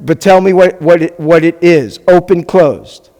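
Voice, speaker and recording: A man's voice: a little high, measured pace, mellow, long reverb tail. A man teaching a Hebrew class as a rabbi, patiently spelling things out and checking in often with his students. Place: classroom or hall with a live class.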